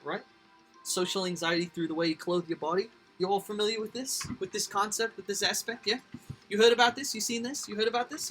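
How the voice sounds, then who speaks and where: A man's voice: a little high, pushed and bright. A man hosting a livestream, rambling casually to his chat, swearing freely. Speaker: livestream host. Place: indoors at home.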